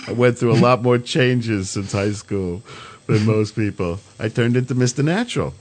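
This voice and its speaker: A man's voice: medium pitch, normal speed. A man in his fifties telling rambling stories in casual radio chat, swearing freely. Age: 50s. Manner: profane, rambling storyteller. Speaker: podcast host.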